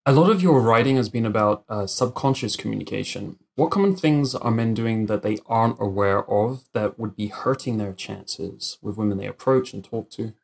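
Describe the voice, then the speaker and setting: A man's voice: lowish voice, moderate pace, gravelly, hardly any pauses, darkish tone, husky. A man interviewing a guest, asking thoughtful questions and rephrasing them as he goes.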